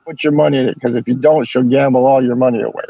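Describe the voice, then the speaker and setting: A man's voice: mid-range voice, steady tone, fast, vocal fry, no echo. Older man telling crude stories. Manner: rambling, profane storytelling. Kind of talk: casual chat. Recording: dull lo-fi sound.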